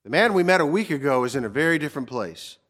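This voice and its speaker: Earnest preacher man, slightly high voice. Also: expressive, fairly bright tone. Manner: earnest, emphatic preaching with dramatic slowdowns. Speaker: pastor. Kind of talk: sermon.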